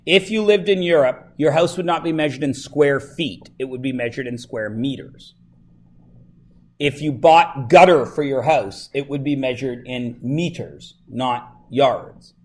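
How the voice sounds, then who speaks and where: A man from Canada teaching a high school math class, talking casually, joking with the students and asking them lots of questions. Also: unhurried. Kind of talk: classroom lesson.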